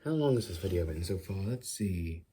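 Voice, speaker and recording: A man's voice: sits low, expressive, moderate pace, dark tone, a little hiss or hum. A man rambling and questioning himself as he talks alone to his phone in his bedroom, joking about the odd voices he makes. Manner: rambling, self-questioning, jokey. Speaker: ASMR vlogger. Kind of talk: rambling solo talk to a phone camera.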